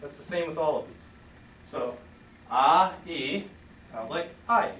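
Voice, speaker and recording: A man teaching a class, relaxed, leading students in repeating sounds. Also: on the high side, takes it slowly, a little hiss or hum. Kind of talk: classroom lesson. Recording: echoey room, voice from far off.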